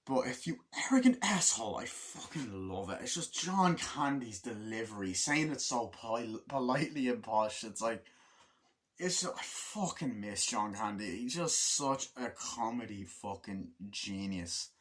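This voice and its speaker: A man's voice: fairly low pitch, animated, measured pace, fairly bright tone. A man retelling movie scenes in a casual, gushing, rambling way, swearing freely as a movie reviewer. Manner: profanity-laden, gushing, rambling.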